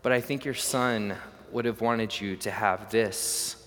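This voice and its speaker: A man's voice: on the low side, steady tone, a little slow, a bit bright. Man as a humble young soldier. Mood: earnest. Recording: long hall reverb.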